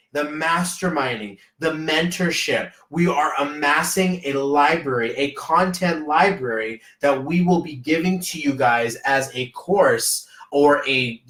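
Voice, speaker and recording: A man's voice: a little high, a bit bright, distant mic. A man hosting a casual live stream as a business coach, rambling and hypey, often slipping into quoted voices. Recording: echoey room, voice off-mic.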